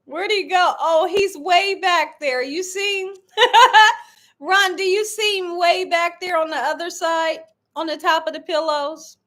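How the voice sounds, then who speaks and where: A woman's voice: very high voice, steady tone, a little slow, pushed and bright. A woman hosting a live stream who chats casually with her viewers, laughing often in a playful, talkative way. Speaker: live-stream cooking channel host.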